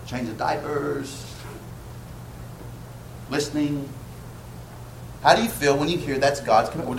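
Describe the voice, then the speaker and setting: A man's voice: fairly high pitch, animated, unhurried, long pauses, fairly bright tone, a little hiss or hum. A man preaching a sermon in a church, speaking conversationally and asking the congregation questions. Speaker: pastor. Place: church sanctuary. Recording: echoey church room, faint ambience.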